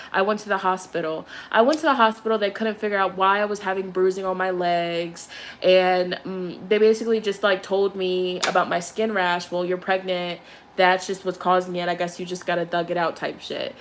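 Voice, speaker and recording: A young woman who reads tarot, talking in a chatty, animated way and swearing freely as she tells a story and leads a ritual. Her voice sits at an ordinary middle pitch. Faint noise hums behind her. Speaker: tarot reader. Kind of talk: casual storytelling and candle ritual livestream.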